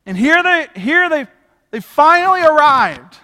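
High-voiced energetic preacher in hall. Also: male voice, measured pace. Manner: energetic, conversational preaching with casual slang. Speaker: pastor. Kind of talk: sermon. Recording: long hall reverb.

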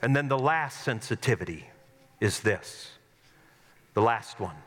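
A man's voice: medium pitch, expressive, measured pace, fairly bright tone. A middle-aged man, a pastor, preaching a sermon in a church sanctuary, telling stories in an earnest way with self-mocking humor. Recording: long hall reverb.

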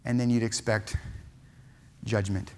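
A man's voice: on the low side, little pitch movement, measured pace, darkish tone. A male pastor preaching a sermon, retelling a story with dramatic acted-out quotes and many restarts.

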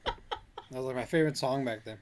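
A woman's voice: a bass voice, fairly quick. A woman co-hosting a casual chat, laughing often as she tells stories. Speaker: podcast co-host. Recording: loud background noise.

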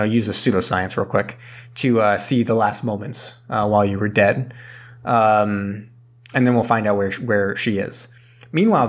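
A man casually recapping a film plot on a podcast, rambling, laughing and acting out the characters' lines. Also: fairly low pitch. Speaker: podcast co-host. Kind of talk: casual movie recap chat.

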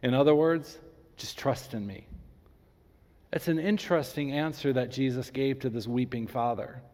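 Man preaching, acts out the people in his stories, drops almost to a whisper to make a point, big echoey hall. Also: mid-range voice. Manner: animated storytelling, acts out the people in his story; slows down and drops to near whisper for emphasis. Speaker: pastor. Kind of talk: sermon. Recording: long hall reverb.

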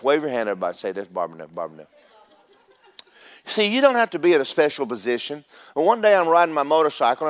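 A man preaching a sermon in a church, telling stories and swinging from loud to hushed. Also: fairly high pitch. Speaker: pastor. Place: church sanctuary.

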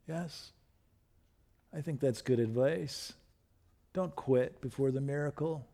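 A middle-aged man preaching a sermon, building to fervent repeated refrains and then dropping soft and low. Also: takes it slowly, long pauses. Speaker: pastor.

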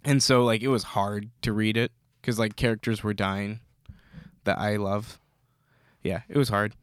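A man talks casually about comics and laughs easily, his words often trailing off into quieter asides. His voice is smooth and resonant, recorded close and dry with no room sound. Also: on the low side, little pitch movement, unhurried, dry recording. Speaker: podcast co-host.

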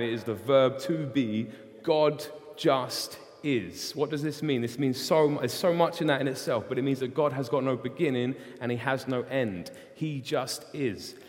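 A male preacher delivers a sermon in a long-reverberating hall. He retells the story with animated energy and slips into acted-out voices for the characters. His voice sits at an ordinary middle pitch.

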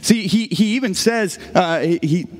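A man's voice: high voice, normal speed. A middle-aged man preaching a sermon as pastor, talking to the congregation in a loose, conversational way, often restarting his sentences and dropping in friendly asides. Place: church sanctuary. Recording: long church reverb.

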